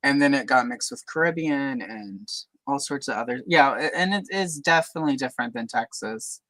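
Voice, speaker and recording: A woman's voice: extremely low pitch, expressive, moderate pace, a bit bright, no echo, rough recording. A woman from Louisiana hosting a casual livestream chat, talking in a chatty way with many fillers and careful, neutral speech. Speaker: host.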